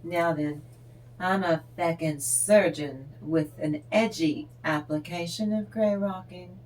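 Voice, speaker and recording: Woman tarot host, slow and rambling; a lower voice, unhurried chat to her viewers. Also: darkish tone. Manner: rambling, chatty and wandering off topic. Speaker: tarot reader and channel host. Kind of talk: casual spiritual talk to viewers.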